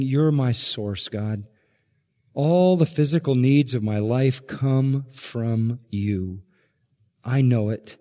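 An older man preaching from the pulpit, his middle-pitched voice carrying a long hall reverb. He drives points home with force, then drops to a hushed, low delivery. The sound is that of a sermon recorded in a church sanctuary. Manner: emphatic preaching, rising to loud peaks and dropping to hushed, low lines. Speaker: pastor.

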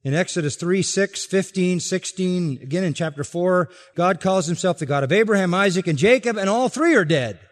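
A man preaching an expository sermon, emphatic, dropping to quiet asides and rising to loud, stressed quotations. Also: high-pitched, lively intonation, normal speed, few pauses, long reverb tail. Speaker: pastor.

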